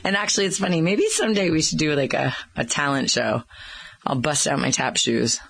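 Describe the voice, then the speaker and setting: A woman's voice: sits low, expressive, fairly quick, vocal fry, fairly bright tone, a little hiss or hum. A mother in her thirties or forties chatting casually, laughing often and getting emotional. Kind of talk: casual chat.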